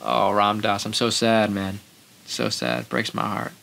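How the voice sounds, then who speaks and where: Gravelly low-voiced man telling stories. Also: a little slow, a bit bright, a little hiss or hum. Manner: rambling, loose storyteller acting out quotes. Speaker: podcast host. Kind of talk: casual storytelling monologue.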